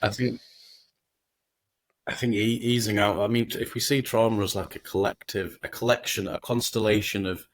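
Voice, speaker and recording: Low-voiced man, rambling and swearing. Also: steady tone, moderate pace. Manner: rambling, swears freely, acts out inner voices. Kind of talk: casual podcast conversation.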